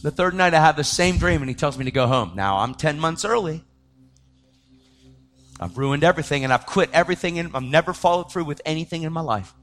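A young adult man telling a personal testimony in a casual way, often saying "man", his voice rising to shouts at the most intense moments. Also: a little high, animated, brisk. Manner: casual, says "man" and "dude" a lot. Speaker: speaker sharing his testimony.

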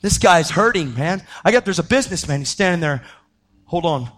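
A man preaching a sermon, telling a story with lively energy and acting out the voices of the people in it. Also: brisk. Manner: animated, acts out quoted voices, pitch jumping up when excited.

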